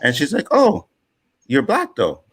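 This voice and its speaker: Fairly quick and on the low side, this man from Nova Scotia, Canada, tells animated stories on a laid-back panel show, slipping into other people's voices as he recounts their lines.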